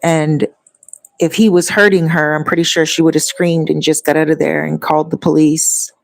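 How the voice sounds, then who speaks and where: A woman's voice: deep voice, little pitch movement, normal speed, gravelly, no room sound, rough recording. A woman talking casually to her viewers, rambling and long-winded as she tells stories. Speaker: vlogger. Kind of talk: casual chat.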